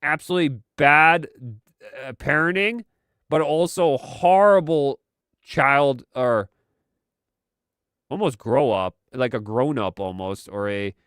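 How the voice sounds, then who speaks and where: Slow, exasperated male streamer. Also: mid-range voice, fairly bright tone, clean tone, no room sound, clean studio sound. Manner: sarcastic, exasperated. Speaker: streamer host. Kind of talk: live commentary stream.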